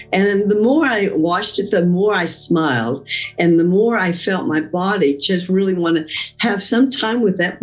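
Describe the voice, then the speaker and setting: A woman leading a guided Christian mindfulness session, talking slowly and gently through breathing exercises. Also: fairly low pitch, rough recording. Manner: slow, gentle spoken guidance of breathing. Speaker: mindfulness leader.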